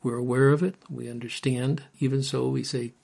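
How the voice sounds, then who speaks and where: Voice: medium pitch, steady tone, moderate pace, gravelly, a little mellow, slightly rough. A podcast co-host in a casual faith discussion, reflective, who reads scripture aloud.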